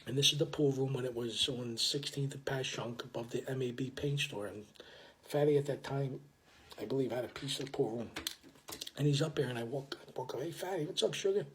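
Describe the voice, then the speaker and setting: A man's voice: medium pitch, fairly even intonation, brisk, slight background noise. An older man telling a story in a casual, rambling way, full of restarts and blunt street talk. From South Philadelphia.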